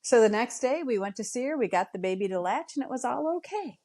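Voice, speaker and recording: A middle-aged woman shares stories from early motherhood in a relaxed, conversational way. Her voice sits fairly high, and she leaps sharply upward in pitch whenever a memory turns emotional. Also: fast. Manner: animated, emotional retelling with dramatic pitch jumps. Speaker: guest mother. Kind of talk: casual storytelling.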